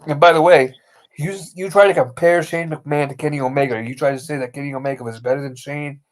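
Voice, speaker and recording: A man's voice: a little high, fairly even intonation, quick pace. A man co-hosting a casual wrestling recap podcast, blunt and opinionated, calling his partner bro. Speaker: podcast co-host.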